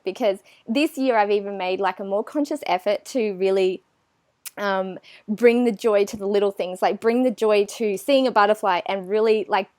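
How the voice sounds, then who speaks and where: A woman's voice: mid-range voice, dry recording. A woman, chatting animatedly as an interview guest and acting out her own thoughts. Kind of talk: casual interview chat.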